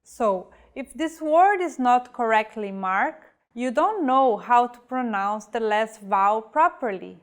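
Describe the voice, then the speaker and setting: A woman teaching a scripted pronunciation lesson, reading example words slowly and carefully. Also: on the high side, lively intonation. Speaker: language teacher.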